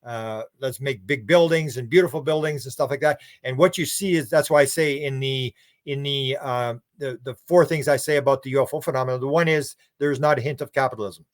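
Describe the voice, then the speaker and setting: A man's voice: medium pitch, brisk, no echo, studio quality. A man who is a guest on a podcast. He tells stories in a rambling, casual way, restarts his words and acts out what other people said. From Canada. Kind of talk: casual conversational storytelling.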